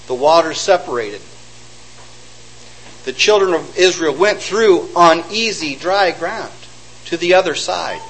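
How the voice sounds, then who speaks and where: A man with a high, lively voice preaches a sermon, retelling old stories and slipping into the voices of the people in them. His pitch jumps around a lot as he drives each point home. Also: a little slow, pauses often, husky, poor audio. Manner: animated storytelling, acting out quotes.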